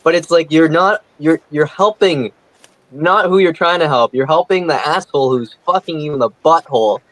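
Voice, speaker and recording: A man's voice: on the high side, normal speed, a bit bright, rough recording. A man ranting indignantly on a casual comedy podcast, heavy with swearing. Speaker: podcast co-host.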